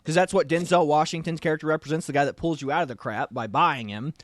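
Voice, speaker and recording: Man, movie review chat, rambling, restarts, fillers, fairly high voice, dry close sound. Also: quick pace, no echo. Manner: rambling, many restarts and "you know". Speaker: podcast co-host.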